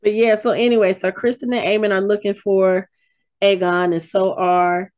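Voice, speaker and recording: A woman co-hosting a fan podcast, telling the story of a TV episode in loose, conversational chat. Her voice sits at an ordinary middle pitch, and she gets animated and exasperated as she recounts scenes, restarting sentences as she goes. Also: moderate pace. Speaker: podcast co-host. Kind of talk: casual TV recap chat.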